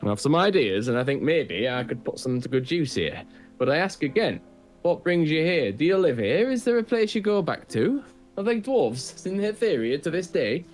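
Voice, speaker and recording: An excitable young dwarf with a Scottish accent, as a man at the game table puts him on, firing off questions in a lively, swooping voice raised above the man's own. His talk is chatty and pushy, and faint guitar music plays behind him. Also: on the high side, moderate pace, voice pushed up. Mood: eager, prying. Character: eager, nosy young male dwarf adventurer. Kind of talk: improvised tabletop role-play.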